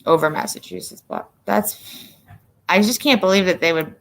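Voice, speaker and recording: A middle-aged woman from the northern US hosts a casual livestream chat, rambling and using lots of fillers. Her voice is lowish and a bit bright, at a normal speed.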